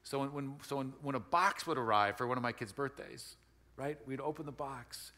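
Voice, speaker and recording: A man's voice: mid-range voice, moderate pace, bright, forceful tone. Folksy man preaching in a reverberant hall. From Wisconsin, United States. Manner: conversational, folksy, repeats and restarts phrases. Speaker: pastor. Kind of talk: sermon.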